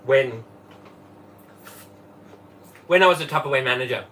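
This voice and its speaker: A man's voice: medium pitch, a little slow, a bit bright. A man hosting a live cooking stream from his kitchen, chatting and greeting viewers by name. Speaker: livestream host and former Tupperware manager. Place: home kitchen. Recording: voice from a distance off the mic.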